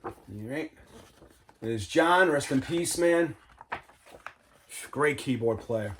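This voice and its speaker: A man's voice: mid-range voice, animated, slow pace, a bit bright, a little hiss or hum. Chatty man showing his records. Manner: chatty, enthusiastic, talks to viewers, says "man" and "all right" a lot. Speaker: vinyl collector showing his collection. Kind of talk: casual show-and-tell vlog.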